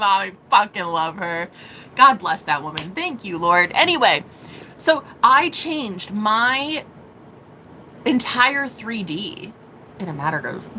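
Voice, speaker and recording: A woman speaking as a spiritual reader in a casual vlog monologue, profane and dramatic, laughing often and rushing in bursts. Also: medium pitch, sing-song, sharp tone, slight background noise, low-quality recording.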